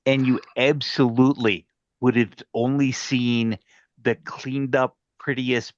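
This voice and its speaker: A man's voice: medium pitch, flat delivery, slow, dry recording. A man player joking wryly during a tabletop game. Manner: wry, joking. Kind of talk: casual tabletop chat. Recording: dull lo-fi mic.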